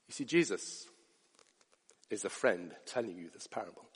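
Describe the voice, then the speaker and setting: A man preaching a sermon, earnest, moving from hushed asides up to rising emphatic peaks. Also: on the low side, animated, moderate pace, pauses often, breathy edge, big-room sound.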